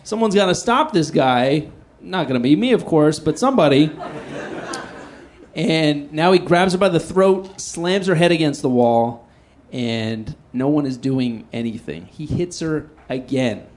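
A man performing stand-up, telling a story in a self-deprecating, animated way and swinging between loud outbursts and hushed asides. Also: a little high, unhurried. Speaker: stand-up comedian.

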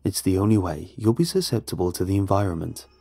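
A man's voice: low-pitched, quick pace, mellow. A man playing a stern man who gives firm instructions in a horror story. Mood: insistent. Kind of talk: scripted horror narration.

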